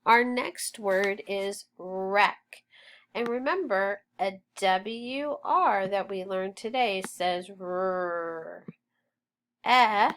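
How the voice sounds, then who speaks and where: A woman's voice: mid-range voice, a bit bright. A woman teaching a phonics lesson, spelling out letters and sounding out words in a patient, encouraging way. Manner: slow, deliberate, spells out sounds.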